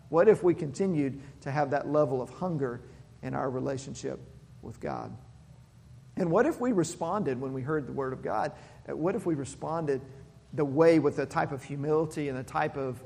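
Male pastor, earnest sermon delivery with stumbling repeats, slightly high voice, long hall reverb. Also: vocal fry, a little mellow. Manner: earnest, repeats words when building a point.

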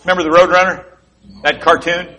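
A man preaching a sermon, telling animated, jokey stories with sound effects. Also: high-pitched, fairly quick. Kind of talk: sermon with storytelling.

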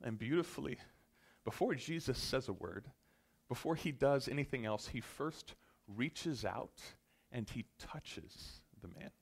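A man preaching a sermon in an earnest manner, addressing the congregation directly, swelling to loud emphatic peaks and dropping to soft, slow lines. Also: mid-range voice, animated, creaky, breathy edge. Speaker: pastor.

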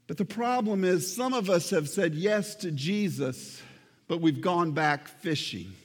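In a high-pitched, unhurried voice, a male pastor preaches a sermon in a church sanctuary with a big-room sound. He's earnest, speaks directly to the congregation, and repeats words for emphasis.

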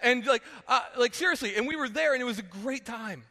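Pastor, 30s, from New Jersey; high, bright voice, animated sermon storyteller, recorded in a reverberant hall. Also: male voice, a little fast. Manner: animated storytelling, jokey asides, acts out quotes. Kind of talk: sermon with personal stories.

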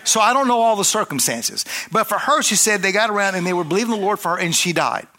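A middle-aged male preacher with a high, bright voice. He tells his story in a loose, chatty way, full of restarts and asides to the people listening. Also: lively intonation, fast. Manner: rambling, conversational, with many restarts and asides to the congregation. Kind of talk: storytelling sermon.

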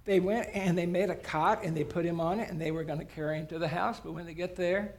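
A man's voice: sits high, fairly even intonation, fast talker, a little mellow. A man preaching a sermon as a guest preacher, telling the story in a folksy, humorous way.

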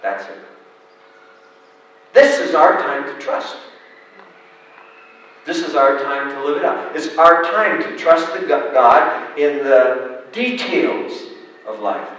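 A man pastor preaching a sermon and telling a parable, dramatic and shifting between loud and soft. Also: fairly high pitch, expressive, slow pace, long pauses. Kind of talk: sermon with storytelling. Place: church sanctuary. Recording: echoey hall, distant mic.

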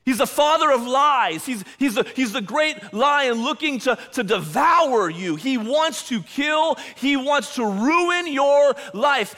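Bright, high-pitched preaching man. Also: lively intonation, takes it slowly, few pauses. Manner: emphatic, repeats words when fired up. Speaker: pastor. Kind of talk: sermon.

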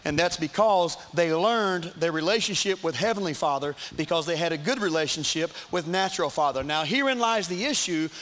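High-voiced preacher. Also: male voice, fairly quick, hardly any pauses, a bit bright. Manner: emphatic, repetitive preaching with asides to the congregation. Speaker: pastor. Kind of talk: sermon. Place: church.

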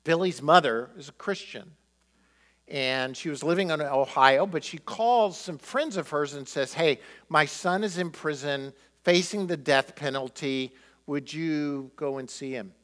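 Man preaching with a lively, higher voice. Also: measured pace. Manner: animated storyteller acting out quotes. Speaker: pastor. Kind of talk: sermon storytelling.

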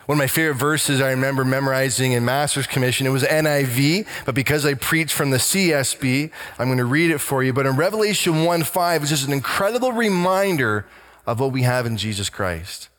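A male pastor preaching a sermon, emphatic, slowing and dropping low to stress key lines. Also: a bit bright. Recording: long hall reverb.

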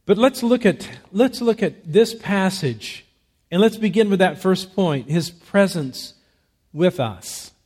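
Male pastor, sermon delivery, emphatic and measured, slightly raised pitch, nursing a cough. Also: animated, darkish tone, husky. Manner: measured, emphatic preaching with rhetorical questions. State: fighting a cough.

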